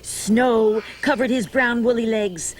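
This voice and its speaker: A woman's voice: on the high side, steady tone, takes it slowly. A middle-aged woman hosting a children's show, reading a story and coaching a dance in a coaxing, sing-song way.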